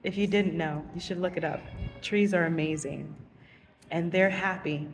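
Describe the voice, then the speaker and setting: A young woman teacher telling casual vlog stories, animated and giggly, acting out voices. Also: on the low side, moderate pace, big-room sound, recorded from a distance, soft background music.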